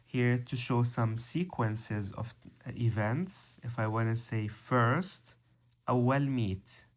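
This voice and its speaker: A man teaching a vocabulary lesson, slow and methodical, repeating each word. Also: medium pitch. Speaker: language teacher.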